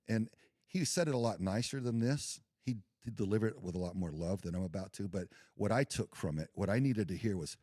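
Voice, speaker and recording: A man's voice: fairly low pitch, lively intonation, a little fast, mellow, no echo, clean studio sound. A man talking as a podcast guest in an earnest, intense way. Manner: earnest, intense, faith-driven. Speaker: podcast guest, military veteran. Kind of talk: casual podcast conversation.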